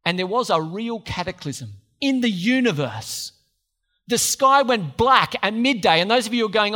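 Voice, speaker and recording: A man's voice: high-pitched, big pitch swings, normal speed, bright, forceful tone. A man preaching a sermon, conversational, with joking asides to the congregation.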